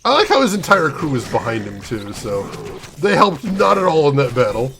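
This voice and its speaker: A man's voice: on the high side, very animated, normal speed, vocal fry, background noise. A young American man streaming a game, chatting casually and mock-ranting playfully at his chat. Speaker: gaming streamer. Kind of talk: casual gameplay commentary.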